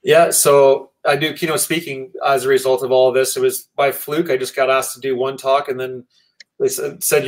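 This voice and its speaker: A Canadian man, a guest motivational speaker, answering interview questions. He sounds earnest and measured, in keynote-like phrasing. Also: mid-range voice, level tone, rough recording.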